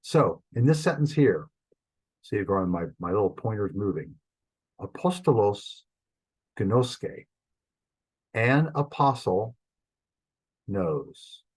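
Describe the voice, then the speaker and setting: Husky low-voiced man teaching a class. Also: lively intonation, slow pace, rough recording. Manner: patient, explanatory, thinks aloud with frequent fillers. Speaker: church Greek teacher. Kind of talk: recorded online lesson with screen sharing.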